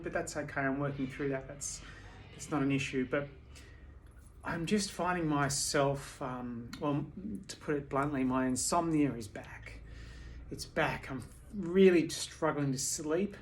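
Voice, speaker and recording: A tired woman speaking candidly at home in a personal video diary, halting, with many restarts and fillers. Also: deep voice, slight background noise. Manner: candid and confessional. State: tired from sleepless nights. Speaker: vlogger.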